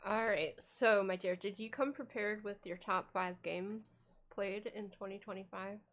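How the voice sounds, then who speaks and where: A woman's voice: mid-range voice, fairly even intonation, a little slow. A woman co-hosting a casual chat show, upbeat and reading out chat comments. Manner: warm-hearted, upbeat, reads chat comments. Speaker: podcast co-host.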